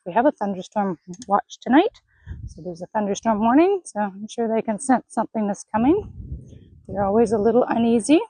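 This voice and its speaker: A woman horse trainer in an outdoor arena, gently praising and coaxing a horse while explaining her training to viewers. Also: mid-range voice, breathy edge, dry recording, rough recording.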